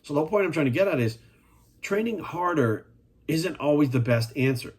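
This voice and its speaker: Husky-voiced blunt male fitness coach. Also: a little high, expressive, a little fast. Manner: blunt, profane and emphatic; rhetorical questions to the viewer. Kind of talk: casual monologue.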